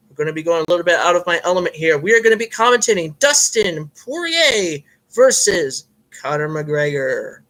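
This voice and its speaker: A man's voice: on the high side, very animated, moderate pace, fairly bright tone, low-quality recording. A man voicing a self-styled Irish fight commentator with a put-on, slightly off Irish accent, in comic play-by-play that is hammy and full of rambling fillers. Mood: mock-formal. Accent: put-on Irish, admittedly a bit off.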